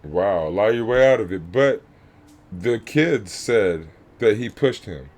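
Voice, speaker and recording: A man's voice: on the low side, animated, slow, darkish tone. Man giving heated reaction commentary. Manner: emphatic, repeats himself, swears; angry and worked up. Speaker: youth coach and commentator.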